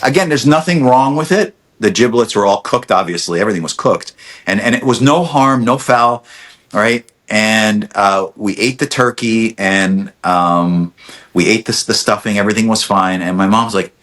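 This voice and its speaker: A middle-aged man with a somewhat low voice tells a story in casual podcast chat. He slips into other people's lines as he goes, and stumbles over restarts along the way. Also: normal speed. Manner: animated storyteller, acts out quotes, many restarts. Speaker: podcast guest, dentist.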